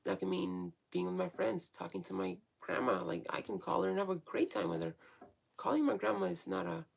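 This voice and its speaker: A woman's voice: lowish voice, brisk, creaky, husky. A woman vlogger talking frankly in a casual, rambling monologue, swearing freely and restarting often.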